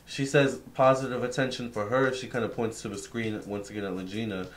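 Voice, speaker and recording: A man's voice: on the low side, little pitch movement, brisk. A young man giving a casual psychic reading, relaying what a spirit tells him with many fillers and restarts. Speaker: tarot reader.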